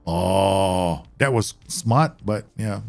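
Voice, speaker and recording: A man streams a football management game and reacts out loud, teasing and exclaiming as he goes. His voice sits low but jumps around a lot in pitch. Faint music plays under him. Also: drawn-out words, creaky. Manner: excitable, bursts into exclamations and teasing remarks. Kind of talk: live gameplay commentary.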